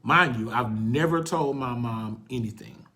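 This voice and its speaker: A man's voice: mid-range voice, bright, forceful tone. Earnest man sharing his story. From Houston, Texas. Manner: earnest, halting, emotional storytelling. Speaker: host. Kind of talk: personal testimony on a livestream.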